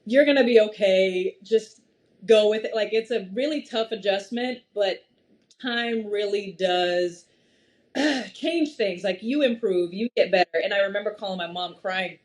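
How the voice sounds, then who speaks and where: A woman in her thirties, a podcast guest in casual conversation, telling stories in an animated way and laughing often. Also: mid-range voice, unhurried. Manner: animated storytelling with frequent laughs.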